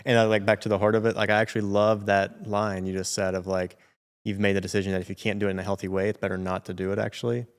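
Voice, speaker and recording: A gravelly man in his thirties talks in a flat, even line, affirming and reflecting on what others say. His voice sits a bit low, and the room adds a long reverberant trail. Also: fast. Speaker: podcast co-host. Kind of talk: casual discussion.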